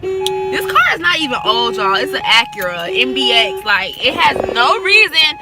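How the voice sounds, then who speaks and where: A woman's voice: fairly high pitch, very animated, normal speed, loud music behind the voice. A young woman talking casually to her phone camera in a chatty, slangy, rambling way, partly outdoors by a parked car. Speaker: vlogger. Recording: loud street noise outdoors.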